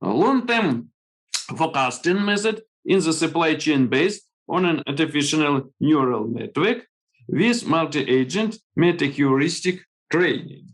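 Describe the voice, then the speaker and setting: A man with a Ukrainian accent reads out his research slides over a video call, in a fairly high voice. He speaks slowly, stopping often to find his place, and his words come at a measured, deliberate pace. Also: expressive, poor audio. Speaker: conference presenter. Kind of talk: reading a research presentation.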